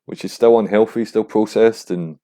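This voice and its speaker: A young man hosting a podcast, rambling casually and swearing, getting animated when he mimics other people. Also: fairly low pitch, moderate pace. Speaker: podcast host. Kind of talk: casual monologue.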